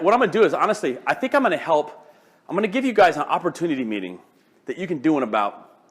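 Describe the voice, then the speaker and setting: Older male motivational speaker, high-pitched, animated and joking, with frequent restarts. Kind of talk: live motivational talk.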